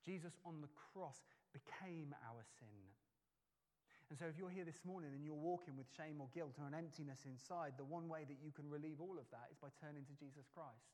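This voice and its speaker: Man, preacher, animated storytelling, stammering restarts, long hall echo. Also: on the high side, fairly quick. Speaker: pastor. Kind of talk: sermon with personal story. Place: church hall.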